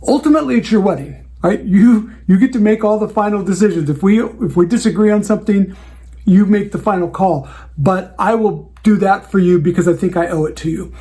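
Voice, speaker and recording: His voice sits high with a dark tone, and he speaks a little fast. As host of a show for wedding DJs, he offers client advice casually and plays out his conversations with clients.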